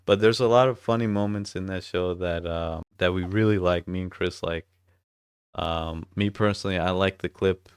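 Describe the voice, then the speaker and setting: Low-voiced man, casual podcast chat. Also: fairly even intonation, moderate pace, clear, resonant tone, no echo, clean studio sound. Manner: loose and profane, retells scenes with laughter. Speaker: podcast co-host.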